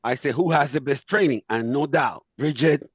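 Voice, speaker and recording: A man's voice: mid-range voice, moderate pace, husky, no room sound, muffled recording. A man whose first language is Spanish, calling into a business Q&A and telling earnestly how he got started. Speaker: caller asking a question. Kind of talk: casual account. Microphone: video call.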